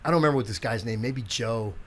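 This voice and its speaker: At a quick pace and in a mid-range voice, a man in his sixties who is a physical therapist and strength coach shares stories as a podcast guest. He's an animated storyteller, acting out quotes and swearing freely in casual chat.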